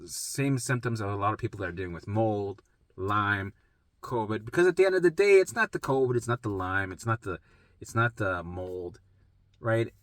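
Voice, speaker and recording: A man's voice: mid-range voice, a bit bright, no echo. A man rambling through his own health story in casual, profane, emphatic storytelling. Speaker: vlogger sharing a health journey.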